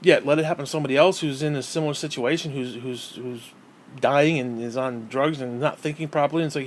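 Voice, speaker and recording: A man's voice: medium pitch, fast talker, a little hiss or hum. A man ranting angrily on camera, hostile and swearing constantly. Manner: hostile, heavily profane. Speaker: vlogger. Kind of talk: angry personal rant.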